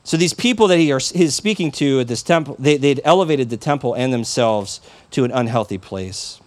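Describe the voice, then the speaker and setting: A male pastor giving a sermon in a conversational, animated way, with lots of personal asides. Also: mid-range voice, fairly quick, dry recording.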